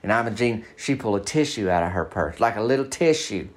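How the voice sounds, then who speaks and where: A man telling a long comic story in a folksy, deadpan way, sometimes slowing down to spell things out. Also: fairly low pitch.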